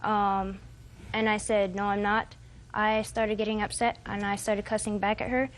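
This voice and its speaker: A woman's voice: mid-range voice, level tone, normal speed. A woman in her twenties giving testimony as a defendant in court, rambling and hesitant, quoting what others said. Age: 20s.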